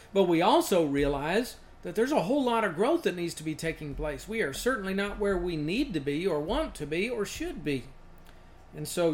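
A man giving a reflective, conversational Bible teaching talk with occasional restarts. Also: high-pitched. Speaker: preacher.

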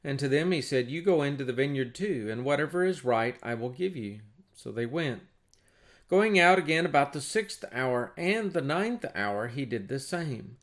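A man reading a Bible passage aloud and then explaining it in a plain, conversational teaching sermon. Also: on the high side. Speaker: preacher.

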